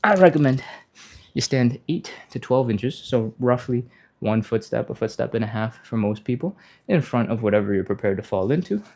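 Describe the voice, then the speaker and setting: A man leads a live stretching session, walking through each move in a relaxed, conversational way. His voice is mellow and middle-pitched, and he laughs easily while chatting with viewers. Now and then he jumps into a high, panicky yelp to act out a nervous body. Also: moderate pace, vocal fry. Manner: casual, chatty, explains step by step, laughs often. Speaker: stretching instructor, live stream host. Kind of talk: live-streamed workout instruction, reading chat.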